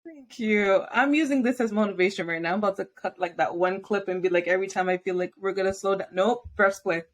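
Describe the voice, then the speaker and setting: A woman's voice: medium pitch, fast. A young adult woman hosting a podcast interview, upbeat and encouraging with her guest. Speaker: podcast host.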